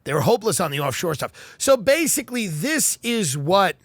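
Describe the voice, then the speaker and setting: A man's voice: high-pitched, sing-song, normal speed, no echo. A man hosting a podcast, reading news aloud and riffing on it with sarcastic, mock-earnest comedy. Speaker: podcast host.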